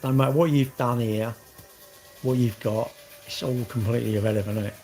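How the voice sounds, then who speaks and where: A man's voice: mid-range voice, steady tone, fairly quick, dark tone, faint music behind. A middle-aged man, rambling in casual vlog chat, swearing and joking. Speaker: vlogger.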